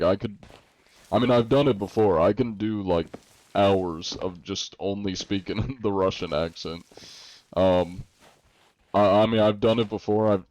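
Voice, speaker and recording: A man from the States chatting casually on his stream, rambling through fillers and laughs. His voice is low and mellow, and the stream audio is dull and lo-fi. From United States.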